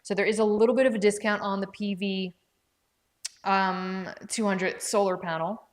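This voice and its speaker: A woman's voice: mid-range voice, fairly even intonation, normal speed. A woman hosting a casual live stream from home, chatting with viewers by name and thinking aloud as she checks prices. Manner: chatty, talks to viewers by name and reads out comments. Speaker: livestream product presenter. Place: indoors at home with her dog.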